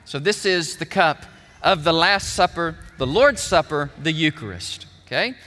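A man preaching a sermon, telling the story with animated emphasis while showing objects. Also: a little high, measured pace, in a large hall.

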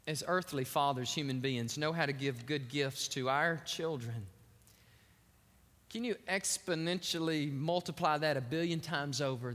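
A man preaching a sermon, telling a story with lively acted-out voices. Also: fairly high pitch. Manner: animated storytelling, acting out quotes. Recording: long hall reverb.

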